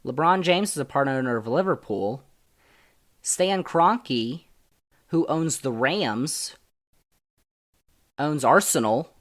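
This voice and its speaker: A man hosting a solo sports podcast, talking in an opinionated, emphatic way that jumps between loud and soft. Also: fairly high pitch. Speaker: podcast host.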